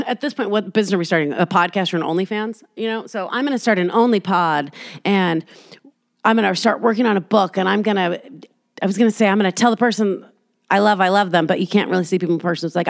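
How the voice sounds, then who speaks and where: Brief: woman, solo podcast host at home, candid and rambling, mid pitch, dry room. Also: no room sound. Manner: rambling, candid, sweary, self-deprecating. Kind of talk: casual solo podcast monologue. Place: apartment. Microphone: laptop.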